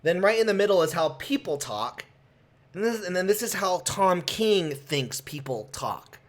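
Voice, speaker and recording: A young man with a slightly raised voice reviews comics in casual commentary. He rants in an animated, exasperated way. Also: high-pitched, normal speed.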